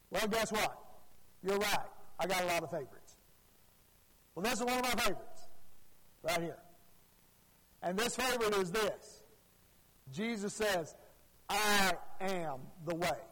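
A man's voice: high-pitched, sharp tone, slight background noise. Emphatic man preaching in a hall. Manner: emphatic, rises and drops in volume, slow deliberate phrasing. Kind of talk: sermon.

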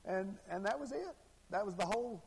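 High-voiced preacher in a hall. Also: male voice, animated, fairly quick, creaky, background noise. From Arkansas. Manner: folksy storytelling, repeats phrases. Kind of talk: sermon. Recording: long hall reverb.

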